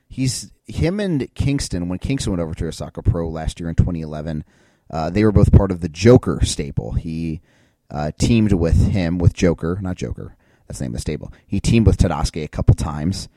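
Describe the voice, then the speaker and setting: A man's voice: low-pitched, animated, normal speed, warm tone, dry recording. A man co-hosting a podcast in casual chat, laid-back and hedging his points with questions. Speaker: podcast co-host.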